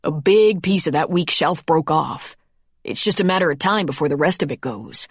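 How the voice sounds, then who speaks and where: A woman narrator plays a protective man carrying someone down a mountain, tender yet determined. Her voice is low and the recording is close and dry. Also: normal speed, slightly rough, no room sound. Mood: tender urgent.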